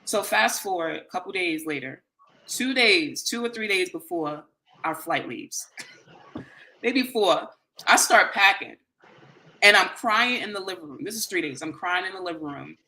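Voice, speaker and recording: Bright-voiced earnest storyteller. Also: medium pitch, a little slow. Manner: animated, earnest, conversational, quotes others in dialogue. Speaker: host. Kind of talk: personal storytelling monologue.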